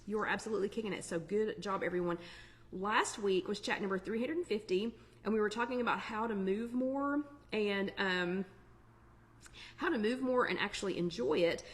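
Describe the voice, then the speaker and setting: A woman's voice: mid-range voice, animated, normal speed. A middle-aged woman, hosting a casual live online chat in a chatty, upbeat way with plenty of fillers. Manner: chatty, upbeat, warm Southern-flavored asides with lots of fillers. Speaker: online weight-loss chat host.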